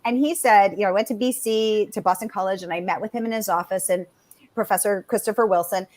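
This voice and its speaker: Woman author guest, animated and talkative, average pitch. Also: fast talker. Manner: animated, chatty, many fillers. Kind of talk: conversational interview answers.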